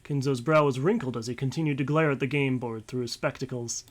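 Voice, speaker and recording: A man's voice: medium pitch, fairly even intonation, a little fast. A man streaming a visual novel, reading narration aloud and rambling casually with light swearing. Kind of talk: let's-play commentary and reading aloud.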